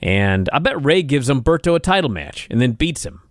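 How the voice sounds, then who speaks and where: A man of middle pitch co-hosts a wrestling podcast, listing off the show's segments one after another with dry, wry remarks. His voice is recorded close and dry. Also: big pitch swings, fairly quick, no echo. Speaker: podcast co-host. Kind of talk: casual wrestling recap chat.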